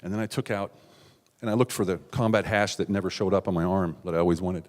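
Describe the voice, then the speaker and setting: A middle-aged man from the United States telling a raw, confessional personal story on stage, with sudden loud outbursts and hushed asides. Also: low-pitched, fast talker. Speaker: keynote speaker. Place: large hall on stage. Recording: stage talk with long hall reverb.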